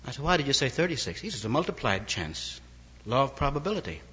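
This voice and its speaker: This man talks fast and sounds very animated, his medium-pitched voice bright and pushed with some breathiness. He's preaching, spinning stories and quoting the characters' lines aloud, captured on an old lo-fi recording in an echoing hall.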